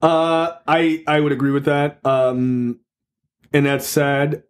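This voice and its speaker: A man's voice: on the high side, flat delivery, slow, clean tone. A man hosting a podcast in casual chat, rambling along with many fillers and restarts. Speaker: podcast host.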